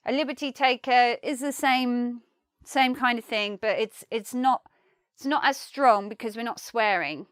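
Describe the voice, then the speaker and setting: Smooth-voiced woman teaching English slang. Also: on the high side, measured pace, no echo, clean studio sound. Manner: animated, acts out angry examples. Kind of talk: online lesson explaining slang.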